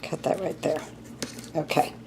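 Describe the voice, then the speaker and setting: A woman's voice: a little slow, noisy background. A middle-aged woman chatting through a card-making tutorial, laughing at her own mess as she works. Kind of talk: casual craft tutorial.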